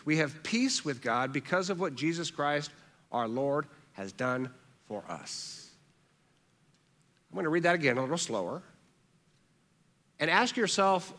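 A man preaching a sermon as pastor, earnest, repeating phrases for emphasis and dropping soft on key words. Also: on the high side, in a large hall.

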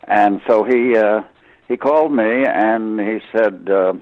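An older man telling stories in an interview, halting with many fillers and restarts, wry in tone. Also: on the low side, dry recording, narrow, tinny audio. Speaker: interview guest, voice actor. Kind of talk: storytelling interview.

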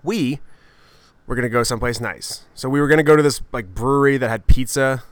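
A man hosting a podcast and telling a comedic story in an animated, profane, self-mocking way. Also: medium pitch, brisk, no echo. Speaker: podcast host.

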